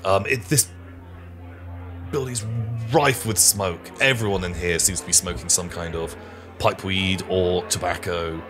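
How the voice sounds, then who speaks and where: Low-voiced man narrating as game master. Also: a little slow, over music. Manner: relaxed, rambling with fillers.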